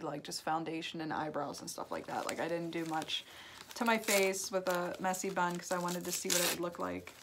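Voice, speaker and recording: A young woman chatting casually as she opens fan mail, gushing and excited, with lots of "like"s and happy exclamations. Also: fairly low pitch, a little hiss or hum. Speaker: YouTuber opening fan mail. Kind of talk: casual chat. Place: indoor studio. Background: paper crinkling and clicks.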